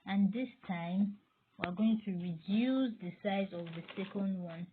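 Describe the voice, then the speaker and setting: Working through a graphic design lesson on screen, a woman talks viewers through each step of this screen-recorded tutorial. Her mid-range voice keeps a measured pace, captured on tinny, phone-like audio with faint noise.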